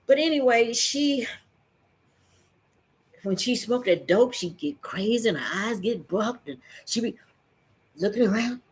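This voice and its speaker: A middle-aged woman, telling a personal story in a lively way and acting out the voices of the people in it. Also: a little high, unhurried, long pauses, breathy edge. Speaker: vlogger.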